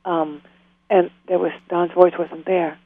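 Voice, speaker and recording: A woman's voice: on the low side, little pitch movement, measured pace, dry recording. A woman speaking as an author and interview guest, talking earnestly and from the heart. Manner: earnest, heartfelt, prone to tears and laughter. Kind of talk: emotional interview conversation. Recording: tinny phone line.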